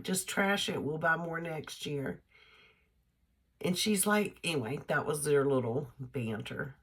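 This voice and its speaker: A woman's voice: deep voice, breathy edge. An older woman, chatting casually in a homespun vlog. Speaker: vlogger. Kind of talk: casual chat.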